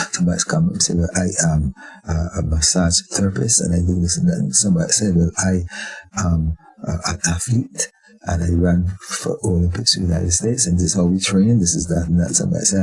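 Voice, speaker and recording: An older Barbadian man tells stories as an interview guest, and his voice is low and gravelly with a rough, raspy edge. He jumps into the voices of the people he describes, so his delivery is lively. The tone sits dark and mellow. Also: rough recording. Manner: animated, acts out voices in his anecdotes. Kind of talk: storytelling chat.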